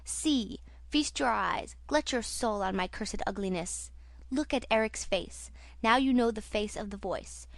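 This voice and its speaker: A woman reading aloud and voicing a tormented masked man who taunts, rages and grieves in turn, with loud, intense delivery. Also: a little high, unhurried, creaky, no echo. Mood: raging, taunting. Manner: intense, mocking, then anguished. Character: tormented masked male phantom, raging and self-pitying.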